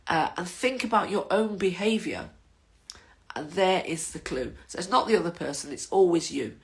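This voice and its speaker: A woman's voice: fairly low pitch, expressive, normal speed. An older woman, chatting casually to her viewers in a rambling, waffling monologue as the host of her own vlog.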